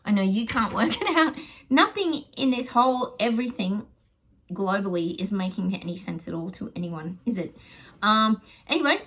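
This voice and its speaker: A middle-aged woman with an Australian accent talks to her viewers from home in an easy, rambling way. Her pitch sits in the middle of the range, and her chat is full of ums and friendly asides. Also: lively intonation, moderate pace, a bit bright, a little hiss or hum, low-quality recording. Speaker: psychic vlogger.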